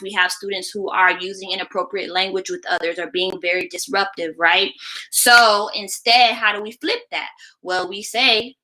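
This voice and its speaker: A woman's voice: mid-range voice, sharp tone, low-quality recording. A woman teacher explaining classroom practice in an instructional video, often checking in with the listener by asking "right?". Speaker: teacher and education creator.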